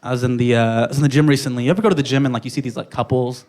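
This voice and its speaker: Speaking very fast in a mid-range voice, a young man does a stand-up comedy set full of self-mocking stories. He animatedly acts out the dialogue as he goes.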